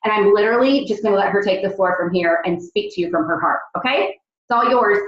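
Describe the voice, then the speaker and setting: A woman's voice: mid-range voice, brisk. Gushing woman hosting a team call. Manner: gushing, chatty. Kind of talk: casual team call introduction. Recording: roomy, dull lo-fi call audio.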